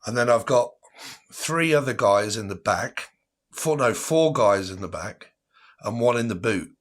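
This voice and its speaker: A man's voice: fairly low pitch, animated, unhurried, fairly bright tone. An English man with a slangy, rambling way of talking, telling a casual story on a live stream, swearing and laughing often.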